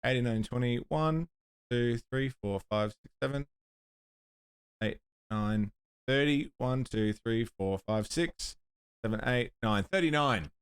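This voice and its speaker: Over game music, a man with a smooth, mid-range voice streams a puzzle game, speaking a little slowly. He thinks aloud in casual commentary, muttering and counting under his breath.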